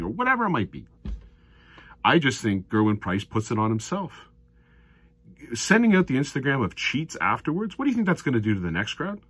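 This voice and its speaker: Man, commentator. Husky voice, lively pitch, heated rant, dry close mic. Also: no echo. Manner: heated, ranting, swings from low mutters to loud outbursts. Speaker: darts commentator. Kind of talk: opinionated solo video commentary.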